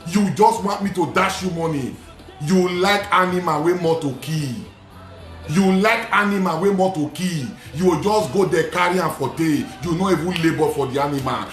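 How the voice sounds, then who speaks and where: A man who is a Nigerian Catholic priest, preaching emphatically and repeating lines, slipping into pidgin and shouting at the peaks. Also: high voice, echoey room. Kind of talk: preaching sermon. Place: studio.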